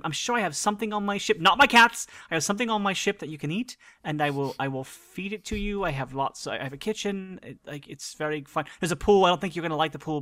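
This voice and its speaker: A woman's voice: fairly low pitch, fairly bright tone, dry recording. A woman voicing a friendly woman time traveller who soothes a scared wolf, coaxing it like a pet dog, in a tabletop game. Her voice stays close to her own.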